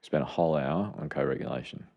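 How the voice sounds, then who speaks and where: A man's voice: rumbling low, fast talker, gravelly, dark tone, highs cut off. A middle-aged man, a podcast co-host and clinician, explaining parenting steps in an earnest, enthusiastic way. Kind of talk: casual chat.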